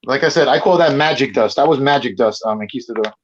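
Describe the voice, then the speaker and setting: A Puerto Rican man, a guest debater on a stream, argues heatedly at a fast clip in a medium-pitched voice. He rambles, swears, and talks over the other side, and the lo-fi audio sounds muffled.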